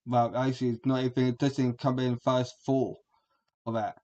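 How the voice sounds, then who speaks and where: A man's voice: medium pitch, level tone, a little fast, a little mellow, highs cut off. A man, giving a rambling, crude and combative reaction commentary as a streamer.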